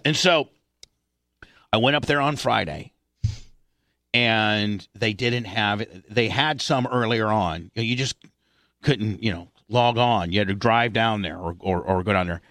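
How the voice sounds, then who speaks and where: A man's voice: lowish voice, a little slow, fairly bright tone, no echo, studio quality. A man hosting a talk show, telling a rambling, profane childhood story full of restarts. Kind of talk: casual storytelling.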